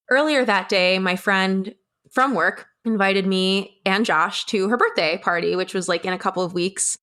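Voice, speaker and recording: Young woman guest, blunt and candid, swears a lot, mid-pitched voice. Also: fairly bright tone, smooth. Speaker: podcast guest. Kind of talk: recounting a personal story.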